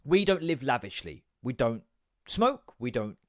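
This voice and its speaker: An English man in his thirties hosting a podcast, ranting casually in an animated, sweary, sarcastic way. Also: mid-range voice, unhurried, dry recording, clean studio sound. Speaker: podcast host.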